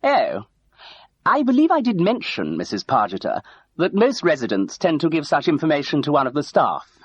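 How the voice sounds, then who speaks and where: A man's voice: a little high, wildly swooping pitch, moderate pace, husky, no room sound, muffled recording, voice pushed up, exaggerated voice. A man voicing a prim, fussy woman on staff who speaks in a correcting tone.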